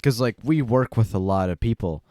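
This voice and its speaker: A man's voice: on the low side, expressive, a little fast, mellow, no echo. Young male co-host, loose rambling chat, dry close-mic sound. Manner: rambling, frequent fillers and laughs. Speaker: podcast co-host. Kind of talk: casual chat.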